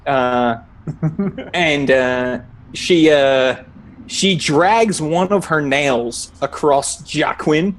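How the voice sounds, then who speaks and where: A man running a tabletop game as dungeon master, narrating in a relaxed, halting way with many fillers and laughs. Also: on the high side, slight background noise.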